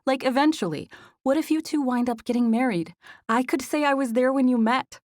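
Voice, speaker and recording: A woman voicing an excitable, teasing young woman friend in an audiobook, higher and more gushing than her narration. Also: a little fast, no room sound, clean studio sound, natural voice. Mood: excited. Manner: high, eager and gushing.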